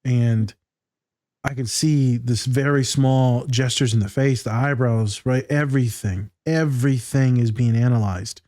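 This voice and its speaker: A man's voice: mid-range voice, measured pace, dark tone, dry recording, clean studio sound. A man hosting a casual podcast conversation, blunt and loose, swearing freely. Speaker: podcast host.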